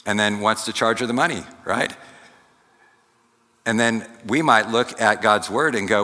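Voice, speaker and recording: A man preaching a sermon, teaching slowly and deliberately with asides to the congregation. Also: on the low side, pushed and bright. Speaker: pastor. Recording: long hall reverb.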